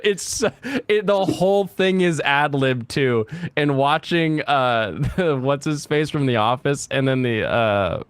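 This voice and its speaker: A man's voice: mid-range voice, slow pace, smooth, dry recording, studio quality. A man hosting a reaction stream, joking, laughing often and rambling in casual commentary.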